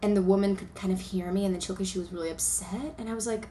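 A woman's voice: medium pitch, steady tone, very fast, warm tone. A woman co-hosting a podcast, telling a story in casual chat and acting out the voices of people she quotes. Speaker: podcast co-host. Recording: roomy sound, faint background noise.

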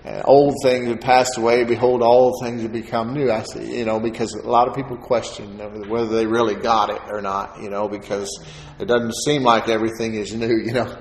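A man giving a sermon testimony as a preacher, telling his story in an animated way and acting out the voices of the people in it. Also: medium pitch, brisk, slight background noise. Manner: animated storyteller, acts out quoted voices with laughter. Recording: echoey hall with faint ambience.

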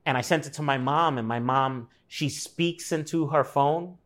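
A man's voice: on the high side, normal speed, fairly bright tone. A man telling a personal story in casual conversation, acting out the people he quotes and swearing now and then.

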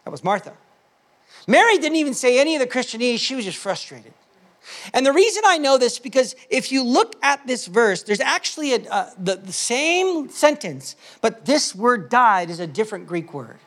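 A man preaching a sermon as a pastor, talking conversationally with fillers and restarts, shifting from hushed asides to loud, impassioned peaks. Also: very high-pitched, sing-song, normal speed.

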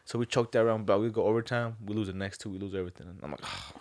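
A man with a low voice talks fast and loose, piling up restarts as he tells a story. The sound is dry and close, with no room around it. It is relaxed podcast chat. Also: no room sound. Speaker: podcast co-host. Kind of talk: casual chat.

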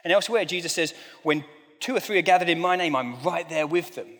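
A man's voice: on the high side, quick pace, a bit bright. A preacher man in a reverberant hall. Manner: conversational and self-deprecating, with light humor. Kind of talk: sermon. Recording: long reverb of a large hall.

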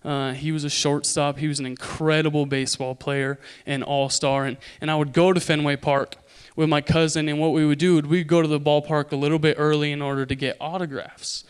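A young man from Idaho preaching a sermon, telling a story with animated, loud impressions. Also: on the high side, a little fast, few pauses, clean tone.

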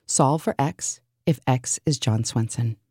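A woman reciting a surreal spoken-word list in a deadpan, absurd manner. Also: a bass voice, a little slow, breathy edge, no room sound.

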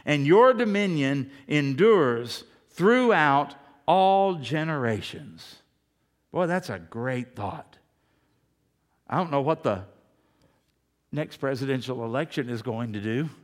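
A pastor in his fifties preaching a sermon with emphasis, often asking the congregation questions. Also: mid-range voice. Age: 50s.

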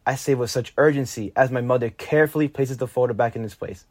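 A teenage boy reading a personal story aloud, lively and lifting his voice for his own quoted lines. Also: quick pace, no room sound. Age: teens. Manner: lively, jumps higher when quoting his younger self. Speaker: narrator.

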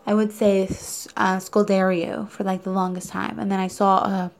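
A woman's voice: medium pitch, level tone, normal speed, creaky, slight background noise. A young woman hosting a casual podcast, rambling and chatty as she reviews a film. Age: young adult. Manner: chatty and rambling, with many fillers. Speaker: podcast host reviewing films. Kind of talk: casual chat.

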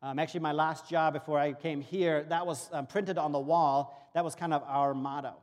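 German-born pastor, earnest sermon delivery, higher voice, reverberant hall sound. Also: male voice, fairly even intonation, moderate pace. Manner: storytelling with acted-out dialogue, earnest. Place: church auditorium. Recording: long reverb of a church hall.

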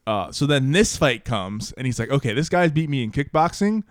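A man's voice: mid-range voice, big pitch swings, normal speed, no room sound, studio quality. Rambling casual male podcast host. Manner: rambling storytelling full of "like" and swearing.

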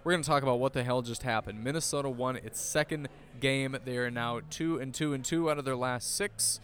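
A man's voice: mid-range voice, brisk, fairly bright tone. A man hosting a soccer podcast, joking wryly and bantering with his co-host. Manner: wry, joking. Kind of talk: casual sports chat.

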